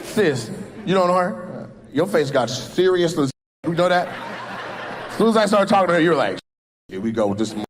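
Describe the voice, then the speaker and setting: A man doing stand-up crowd work on a club stage, teasing audience members with brash remarks that rise to loud shouts. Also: sits high, normal speed, long pauses, low-quality recording. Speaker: stand-up comedian. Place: comedy club stage before a live audience. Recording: live club recording with crowd noise. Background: audience laughter and crowd noise.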